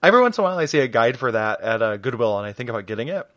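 A man co-hosts a podcast in loose, casual chat. He sounds tired and goofy and slips into silly bits, and his pitch bounces freely. The sound is dry and close on the mic. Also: sing-song, very fast, fairly bright tone, no echo. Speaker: podcast co-host.

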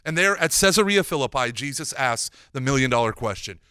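A man giving a lively Catholic teaching talk, mixing casual slang with scripture and acting out the dialogue he retells. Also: mid-range voice, fairly quick, smooth, no room sound, clean studio sound. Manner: animated, acts out quoted dialogue.

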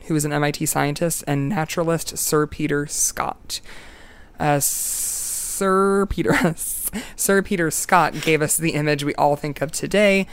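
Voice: mid-range voice, clear, resonant tone, no echo. A podcast host telling a story in casual, playful chat, joking and laughing often.

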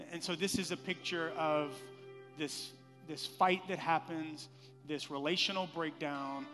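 Male pastor, high bright voice, lively sermon delivery in an echoey hall. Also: a little slow, soft background music. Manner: animated, acts out scripture in playful voices. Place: church.

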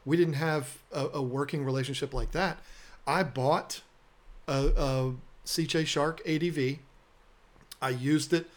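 A man's voice: a little high, steady tone, measured pace. Earnest man telling a story. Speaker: podcast host and aquarium business owner. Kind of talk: casual storytelling conversation.

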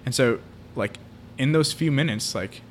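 A man's voice: mid-range voice, measured pace. Male co-host, mid-range voice, casual film recap, faint noise in the background. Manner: retelling a film plot at length, with many fillers. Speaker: podcast co-host. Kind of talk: casual podcast chat.

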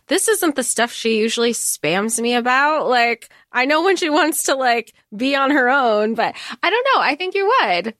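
A woman co-hosting a podcast, animated and casual as she discusses a book, with quick asides and swearing. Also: high voice, no room sound, studio quality. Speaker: podcast co-host.

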